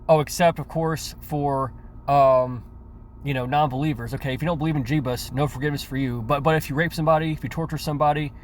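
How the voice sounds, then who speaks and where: A man's voice: on the high side, a little hiss or hum. Sarcastic, profane ranting man. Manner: sarcastic, profane, stammering restarts. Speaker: commentary youtuber. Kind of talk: ranting reaction commentary.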